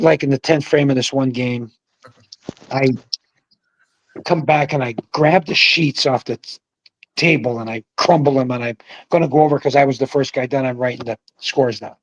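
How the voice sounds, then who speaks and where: An older man, a guest who was a pro bowler, telling a profane, animated story in casual conversation. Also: mid-range voice, rough recording.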